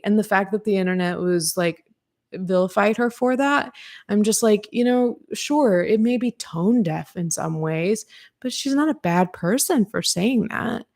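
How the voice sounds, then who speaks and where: A woman's voice: mid-range voice, measured pace, a little mellow. A woman hosting a podcast livestream, rambling casually with lots of fillers and restarts, frank and sometimes swearing, answering her chat. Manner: talks to live chat readers. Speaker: podcast host.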